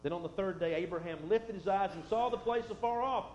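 This fairly quick-talking preacher has a high male voice and a folksy, chatty manner, slipping in asides as he reads scripture and preaches. He goes quiet, then builds back up to stress a point. The audio is dull and spacious, carrying a slight hum.

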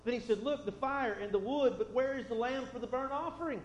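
Speaking fairly quickly, a high-voiced man gives a folksy sermon with scripture reading, slipping in conversational asides and going quiet before swelling for emphasis. The pastor is recorded in a roomy hall with a dull sound and faint hum.

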